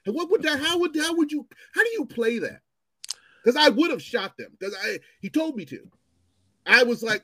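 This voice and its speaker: A man's voice: very high voice, normal speed, dry recording. A man in his fifties telling profane stories in casual chat, acting out the people in them. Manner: animated, profane, acts out voices in his stories. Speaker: storyteller guest.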